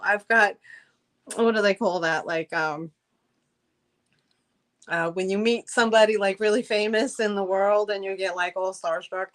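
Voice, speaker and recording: A middle-aged woman hosts a live-stream sale and talks to her viewers in a slow, unhurried way. She is effusive and chatty, and her talk is full of fillers and restarts. Her voice sits at an ordinary middle pitch. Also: a bit bright. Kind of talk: live-stream selling chat.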